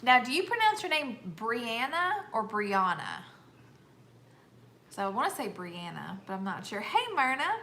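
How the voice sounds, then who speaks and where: Homestead stream co-host, woman, high bright voice, animated, roomy echo. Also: fast talker, few pauses. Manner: greets viewers by name, chatty and upbeat. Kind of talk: casual live-stream chat. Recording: echoey room, faint background hiss.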